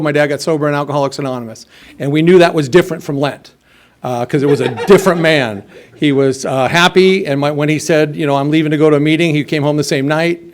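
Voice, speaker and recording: A middle-aged man with a slightly higher voice, telling his own recovery story at a meeting. He rambles, stacking fillers and restarts as he goes. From United States. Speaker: AA meeting speaker.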